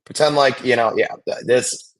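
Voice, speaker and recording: A man hosting a live basketball watch-along, chatting casually and calling plays with excitement. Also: medium pitch, normal speed. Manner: chatty, excitable, reacts loudly to big plays.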